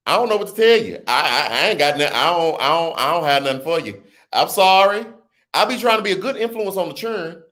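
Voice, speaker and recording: Animated man chatting on a livestream. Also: on the high side. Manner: animated, joking, bursts into loud laughter. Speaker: host of a political livestream. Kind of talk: casual livestream chat reading viewer comments.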